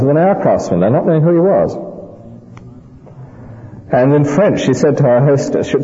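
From a church pulpit, a man with a warm, medium-pitched voice preaches emphatically, weaving in anecdotes and dry humorous asides. The recording is dull and lo-fi, with long church reverb.

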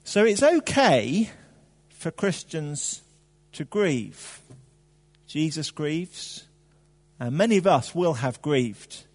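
Lively preacher in an echoing hall. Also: male voice, a little high, slow, pauses often. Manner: animated, conversational preaching with fillers and rhetorical questions. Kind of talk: sermon.

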